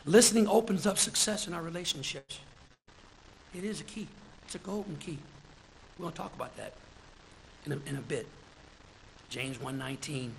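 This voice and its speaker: A deacon preaching a sermon in a church, lively, chuckling between his points and calling out praise. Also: on the high side, vocal fry, slight background noise, low-quality recording.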